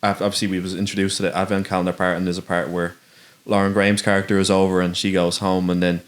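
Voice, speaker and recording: Deep, flat, fast-talking man. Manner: agreeable, many short affirmations, rushed run-on sentences. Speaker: podcast co-host. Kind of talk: casual film review chat.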